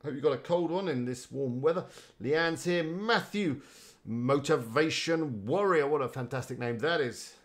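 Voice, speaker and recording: A man's voice: on the high side, moderate pace. A man chatting casually on a live stream, rambling and greeting viewers by name. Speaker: live-streaming website builder.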